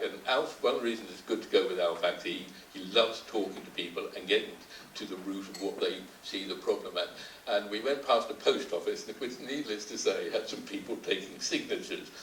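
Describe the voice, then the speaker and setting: A man's voice: lowish voice, brisk, few pauses, fairly bright tone. Older male moderator, anecdotal and chuckly, roomy distant sound with faint hiss. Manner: chuckling storyteller, hesitant restarts. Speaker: panel moderator. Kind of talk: anecdotal panel talk. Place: conference hall.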